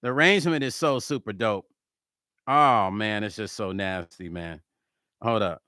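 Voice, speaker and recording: A middle-aged man, a musician and producer, chatting casually in a vlog while he builds a track, excitable and slangy, forever saying hold on. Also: on the low side, a little slow, no room sound, studio quality. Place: music studio.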